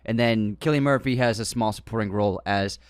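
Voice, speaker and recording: A man co-hosting a podcast talks casually and enthusiastically about movies, rambling with fillers and restarts. His voice is on the low side, brisk, clear and resonant. The studio-quality recording has no room sound.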